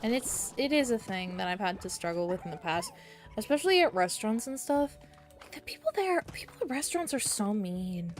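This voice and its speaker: A woman streaming a game, chatting casually and getting excited easily, with giggles. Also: medium pitch, fairly quick, soft background music. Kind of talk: casual gameplay stream chat.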